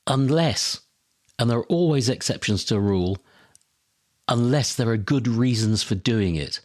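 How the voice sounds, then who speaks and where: A man's voice: medium pitch, animated, normal speed, a little mellow, no echo, studio quality. A man hosting a podcast, talking through listener questions in an opinionated, conversational way. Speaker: podcast host. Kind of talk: solo podcast talk.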